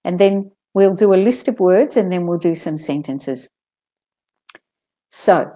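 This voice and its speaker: A woman teaching pronunciation in an online lesson, calmly drilling word pairs and sentences. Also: fairly low pitch. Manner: slow, careful drills with clear word pairs.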